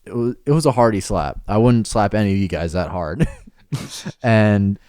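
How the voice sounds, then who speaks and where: Low, mellow-voiced man telling a story. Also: unhurried, clear, resonant tone, no room sound, studio quality. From Mexican heritage. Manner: chatty storyteller, laughs often, acts out voices. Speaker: podcast host. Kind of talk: casual podcast chat.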